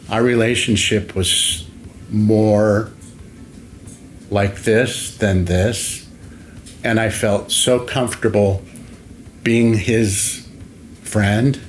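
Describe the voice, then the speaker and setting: An older man, a longtime school facilities director, telling stories in an interview at an unhurried pace with many fillers, acting out what people said. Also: lowish voice, a little hiss or hum. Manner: anecdotal, unhurried, many fillers and acted-out quotes. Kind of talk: interview storytelling.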